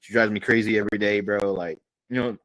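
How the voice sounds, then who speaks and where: A man putting on a slangy young fast-food worker, griping. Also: fairly low pitch, steady tone, a bit bright, dry recording, close to an everyday voice, low-quality recording. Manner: slangy, drawling, says "bro" often. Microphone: video call.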